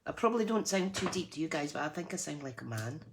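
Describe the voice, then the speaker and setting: Chatty low-voiced woman crafting. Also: expressive, quick pace, background noise. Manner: chatty, self-deprecating, laughs often. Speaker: craft channel host. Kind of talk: live crafting tutorial chat.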